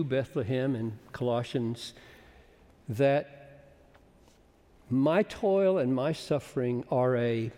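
A man in his seventies preaching a sermon with passion, building to loud, emphatic peaks. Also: medium pitch, slow, pauses often. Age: 70s. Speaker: pastor. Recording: long hall reverb.

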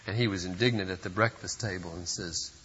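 A man's voice: sits low, fairly even intonation, brisk, fairly bright tone, lo-fi sound, a little hiss or hum. A pastor preaching a sermon at a church service, speaking earnestly and putting direct questions to his listeners.

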